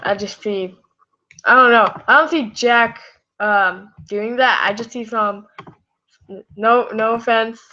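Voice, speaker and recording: A fairly high, pushed, bright voice moves slowly with frequent pauses as this woman reads fan fiction on a live stream. Tired and scratchy-throated, she giggles, rambles, and apologizes along the way, over muffled lo-fi audio.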